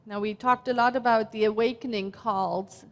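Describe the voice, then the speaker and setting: A woman in her fifties from Germany, speaking with a German accent as she gives a slow, reflective, heartfelt sermon as minister. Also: a little high, fairly even intonation, a bit bright. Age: 50s. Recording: long hall reverb.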